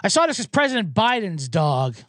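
A man's voice: high-pitched, a little fast, no echo, studio quality. A man hosting a sports show, rambling through a casual, profane monologue. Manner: rambling and profane, with animated impressions.

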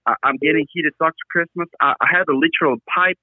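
A man's voice: fairly high pitch, fast. A man calling in to a show, chatty and laughing, heard over a phone line. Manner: laughing, chatty, stumbling restarts. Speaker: caller. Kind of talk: casual phone call. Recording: tinny phone line, dry.

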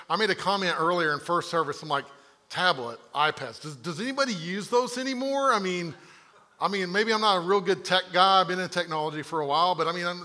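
A man's voice: high-pitched, bright, forceful tone. A man preaching a sermon to a church congregation in a conversational, rambling way, often checking in with "right?". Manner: conversational, digressive, frequent rhetorical "right?". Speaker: pastor. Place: church sanctuary.

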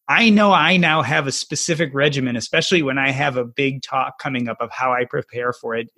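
A man's voice: fairly high pitch, creaky, a bit bright. Conversational male host who steers the panel with questions. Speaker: podcast host. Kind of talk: casual podcast interview.

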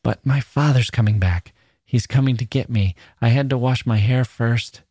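A man's voice: lowish voice, measured pace, dark tone, husky, no room sound. Guy doing a scared teen girl, tense n pleading, dry close sound. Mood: frightened. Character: frightened teenage girl.

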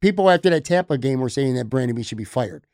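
A man hosting a casual sports podcast who talks in an excitable, knee-jerk way. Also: medium pitch, fast, no echo, studio quality. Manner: excitable, self-admitted knee-jerk reactor. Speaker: podcast host.

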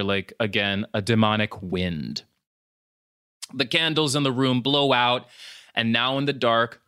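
Animated man recapping a film. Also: mid-range voice, smooth, no echo, clean studio sound. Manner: animated storyteller mixing in Spanish words, swears and laughs. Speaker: podcast host. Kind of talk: casual chat recapping a film.

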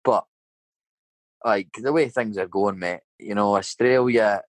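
A man's voice: fairly low pitch, unhurried, no room sound, poor audio. A Scottish man in his thirties, a painter and decorator, telling a rambling story in casual chat and filling it with "mate" and "you know". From Scotland.

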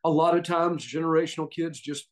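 This time the former wrestler speaks briskly in a fairly high-pitched voice with his Southern US accent. A middle-aged podcast guest, he tells casual stories animatedly, acting out the quotes and laughing often.

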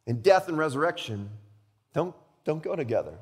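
A man's voice: on the high side, big pitch swings, normal speed, darkish tone, big-room sound, slight background noise. A pastor in his thirties preaching a sermon in a conversational way, repeating words and asking rhetorical questions.

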